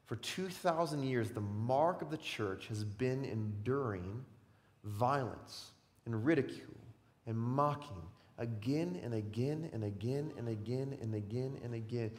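A man preaching a sermon as pastor, animated, swinging between loud emphatic lines and quiet slow ones. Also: medium pitch, in a large hall.

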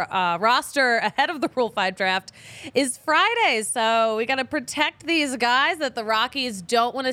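A woman hosts a sports podcast in a chatty, joking way, with a casual swear here and there. Her voice is bright and a little higher than most. The studio sound is dry, with no room echo. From Philadelphia. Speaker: podcast host.

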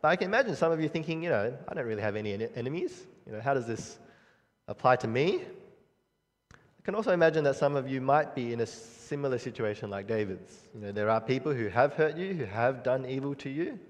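A man delivers a sermon in an earnest, measured voice, stopping now and then to restart a phrase. His voice has a mid-range pitch. It carries a long reverb tail, as if spoken in a church hall. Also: animated. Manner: earnest, measured preaching with frequent pauses and restarts. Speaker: preacher.

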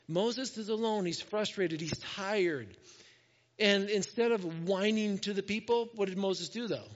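A man's voice: sits high, moderate pace, in a large hall, highs cut off. A male pastor preaching a conversational sermon, acting out the voices of the people he quotes.

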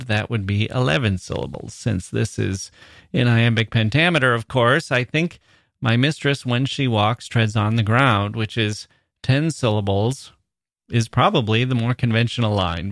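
A man hosting a literature podcast, answering a listener's email and reading lines of verse aloud slowly and deliberately. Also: medium pitch, fairly bright tone, no room sound, studio quality. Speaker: podcast host.

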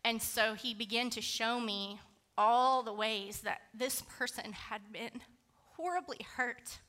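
Bright-voiced woman preaching a sermon. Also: a little high, slow. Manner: candid, conversational, with fillers. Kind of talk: sermon with personal storytelling.

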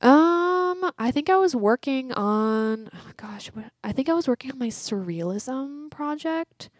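A woman's voice: high voice, animated, measured pace, no echo, clean studio sound. A young woman around twenty, a college runner chatting as a guest in an interview, upbeat and full of likes and you knows. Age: about 20. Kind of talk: casual interview chat.

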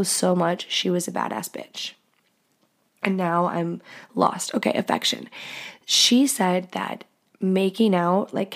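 Candid, crude woman with a gravelly voice. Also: lowish voice. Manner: candid, crude and joking, laughs often. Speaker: podcast host. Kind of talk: casual solo podcast talk.

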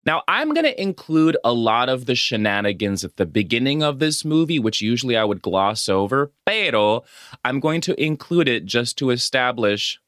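Lively joking man recapping a film. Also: mid-range voice, moderate pace, no echo, studio quality. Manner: animated, joking storyteller who acts out quotes. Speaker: podcast co-host. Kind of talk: casual chat, recapping a movie.

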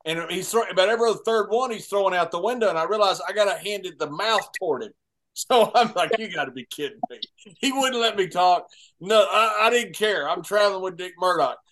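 A man's voice: high voice, fairly quick, a bit bright. A man telling an admiring road story with enthusiasm in casual chat.

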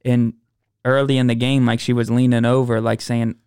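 A man's voice: medium pitch, little pitch movement, moderate pace, darkish tone, clear, resonant tone, dry recording, clean studio sound. A man in casual chat, laid-back and hesitant, using many fillers.

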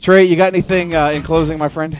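A man hosting a casual talk radio show, chatty and quick to cut in, repeating words as he jumps in. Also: fairly high pitch, flat delivery, faint music behind.

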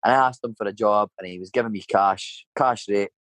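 A man's voice: fairly low pitch, a little fast, fairly bright tone, no echo, rough recording. A Scottish man in his thirties, a painter and decorator, telling a rambling story in casual chat and filling it with "mate" and "you know". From Scotland.

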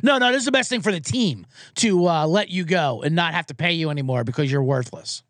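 A man's voice: a little high, brisk, a bit bright, no room sound, clean studio sound, pitched below the performer's own voice, lightly acted. A man mocking a smarmy male football coach who is breaking bad news to a player in a fake-soothing, evasive way.

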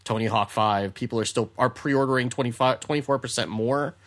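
A man hosting a casual gaming podcast in a relaxed, rambling way, often hedging. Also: mid-range voice, a little fast. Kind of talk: casual chat.

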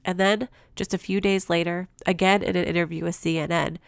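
A woman host narrating in a scripted, measured way that asks pointed questions. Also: fairly low pitch, little pitch movement, gravelly, clear, resonant tone, dry recording, clean studio sound.

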